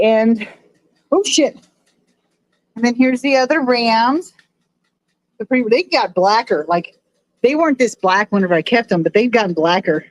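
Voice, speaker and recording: A woman with a somewhat high voice chats to her live-stream audience from her phone at home. She swears freely and grumbles at her gear. The sound is dry and close, with no room echo. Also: muffled recording. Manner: frustrated, swears a lot, talks to chat. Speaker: streamer showing her fish tanks. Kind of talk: casual live-stream chat.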